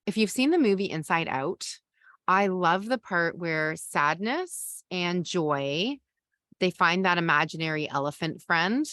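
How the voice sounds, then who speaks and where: A woman's voice: fairly low pitch, expressive, unhurried, a bit bright, no room sound, studio quality. A woman hosting a live parenting masterclass, reading viewer questions and answering them in a loose, conversational way. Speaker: parenting coach and podcast host.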